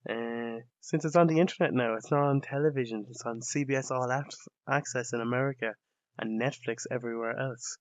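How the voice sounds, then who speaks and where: A young Irish podcast host delivers a casual, sardonic, rambling comedic monologue full of swearing. His mid-range voice is brisk with a steady tone. The recording is dry, dull, and lo-fi.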